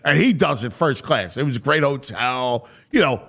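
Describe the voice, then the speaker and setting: A man hosting a sports talk show, telling stories in an excitable way, his voice climbing high when he gets worked up. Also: normal speed, creaky. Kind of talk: animated podcast chat.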